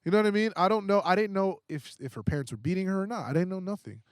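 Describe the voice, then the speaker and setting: Speaking fast in a high, clear, resonant voice, a young podcast guest swears casually through a story, impersonating others' words and frequently starting sentences over. The indoor recording is studio quality with no room sound.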